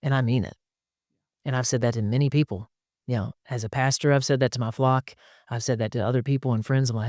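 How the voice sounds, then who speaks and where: A middle-pitched man speaks as a pastor in a relaxed podcast chat. He talks with emphasis and slips into quick voices for the people he quotes. The sound is dry and close, with no room echo. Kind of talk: conversational podcast discussion.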